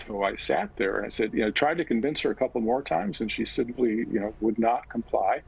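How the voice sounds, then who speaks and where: Older man, gravelly low voice. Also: dull audio. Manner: slow, measured storytelling with frequent pauses. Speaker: guest, physician and author.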